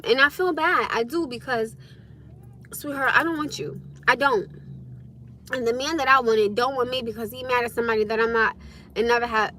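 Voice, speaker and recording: A woman with a high, bright, forceful voice speaks straight to her livestream viewers. She is blunt and animated and swears freely, sounding frank and unfiltered. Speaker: livestream host. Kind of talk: casual livestream venting to viewers.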